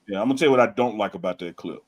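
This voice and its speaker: A man co-hosting a casual sports talk show, talking with emphatic, animated energy and teasing his co-host. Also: on the low side, racing, low-quality recording.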